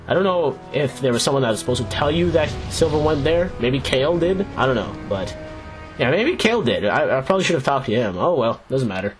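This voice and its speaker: A man's voice: medium pitch, very animated, a little fast, soft background music. A young man hosting a video game playthrough, chatting casually and rambling as he reads the on-screen dialogue aloud. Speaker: Let's Play host. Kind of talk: casual gameplay commentary.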